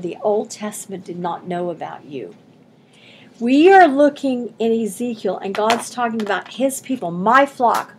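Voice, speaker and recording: A woman's voice: on the high side, slight background noise. A woman pastor preaching an expository sermon in a church, reading scripture aloud and explaining it in a folksy, emphatic way.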